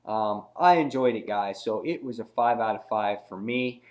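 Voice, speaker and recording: A man's voice: moderate pace, muffled recording. A man hosting a casual comic book review video, talking loosely with many fillers and reading out the characters' lines in a raised voice. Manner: relaxed and rambling, many fillers, acts out quoted lines in a higher voice.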